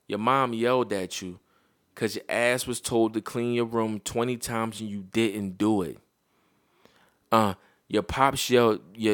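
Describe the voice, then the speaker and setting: A man's voice: lowish voice, fairly bright tone, no room sound, clean studio sound. A man and parent giving a blunt, heated, profane opinion monologue to his viewers.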